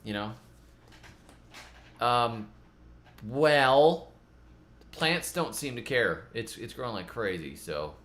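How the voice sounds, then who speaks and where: In a casual, rambling vlog chat, a middle-aged gardening channel host pokes fun at himself and frequently repeats words. He speaks slowly with frequent pauses, in an animated, mid-range voice with a fairly bright tone.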